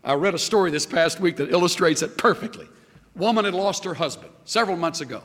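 A man preaching a sermon as pastor, emphatic and lively, quoting scripture. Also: high-pitched, quick pace, big-room sound.

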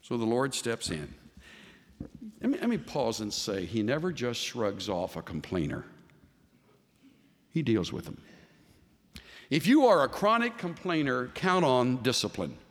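A man preaching a sermon as a pastor, animated and voicing the figures he quotes. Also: medium pitch, unhurried, long pauses. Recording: long hall reverb.

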